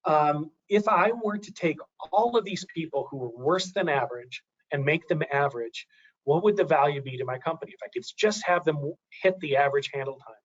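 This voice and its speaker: Man, webinar presenter, slightly high voice, frequent restarts, dull lo-fi audio. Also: brisk. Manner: thinking aloud, many restarts.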